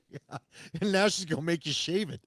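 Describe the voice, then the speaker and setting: Man, co-host, teasing, storytelling, fairly high voice, dry close sound. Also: moderate pace, a bit bright, no room sound. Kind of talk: casual chat.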